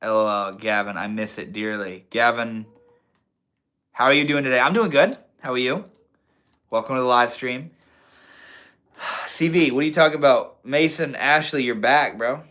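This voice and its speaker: A man's voice: mid-range voice, moderate pace, long pauses, sharp tone. A young man hosting a live stream in a casual, laid-back way, reading out and answering chat comments with lots of slang and swearing. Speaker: livestream host.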